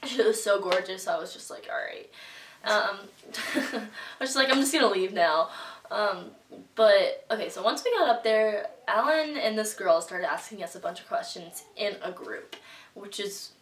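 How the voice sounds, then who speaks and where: A woman's voice: mid-range voice, expressive, moderate pace, distant mic, a little hiss or hum. Young woman telling a chatty story in a roomy room. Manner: chatty, filler-heavy with lots of "like" and quoted reactions. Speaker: vlogger. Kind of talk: casual storytelling vlog. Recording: roomy echo, voice a bit off-mic.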